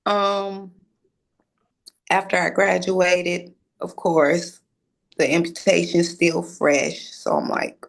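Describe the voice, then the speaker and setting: Gravelly young woman telling her story. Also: lowish voice, takes it slowly, pauses often. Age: young adult. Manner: acts out conversations, casual and animated. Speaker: storyteller, recent graduate. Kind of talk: personal storytelling.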